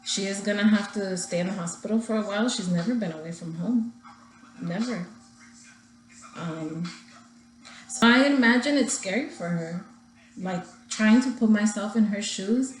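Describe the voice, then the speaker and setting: A woman's voice: medium pitch, normal speed, pauses often, roomy sound, low-quality recording. A young woman talking casually to her viewers in a personal vlog, holding back tears as she rambles. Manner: emotional, talking through tears held back. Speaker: vlogger.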